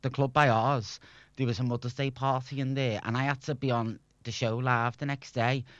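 A man's voice: mid-range voice, flat delivery, moderate pace, a bit bright, no echo, muffled recording. A young man from Liverpool with a Scouse accent, a former radio presenter chatting as an interview guest and laughing often. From Liverpool, England. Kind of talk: casual interview chat.

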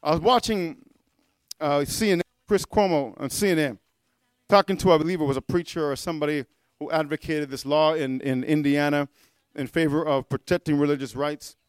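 A man preaching a fiery sermon, stopping often to ask "amen?" and shouting his key words. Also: a little high, fairly even intonation, a little fast, smooth, no echo.

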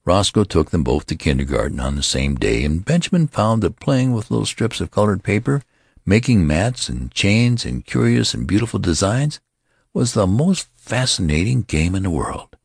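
Deep gravelly male storyteller. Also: normal speed, no room sound, studio quality. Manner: expressive storytelling. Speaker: narrator. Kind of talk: scripted audiobook narration.

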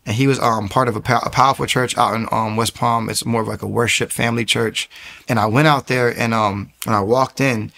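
A man's voice: medium pitch, a little fast, creaky. A man earnestly telling his personal faith testimony, acting out the people in his story. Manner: earnest, acts out quoted people in lively bursts. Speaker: speaker sharing a testimony.

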